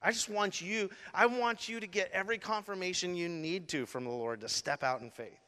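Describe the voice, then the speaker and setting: A man's voice: high voice, brisk, sharp tone. A middle-aged man preaching a sermon as a pastor, telling a story animatedly with lots of casual fillers. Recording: long hall reverb.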